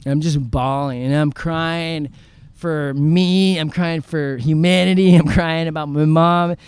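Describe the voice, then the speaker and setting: A man from San Diego, a guest in an outdoor interview, telling his story in an animated, profane way and acting out the lines of the people in it. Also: fairly high pitch, a little slow, clean tone, dry recording. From San Diego, California. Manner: animated, profane, acts out quoted dialogue.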